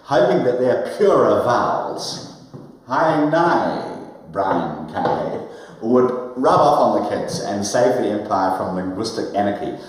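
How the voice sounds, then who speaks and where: A man with a New Zealand accent presenting a documentary on location in a playful, animated way. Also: on the low side, slow. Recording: echoey with long reverb.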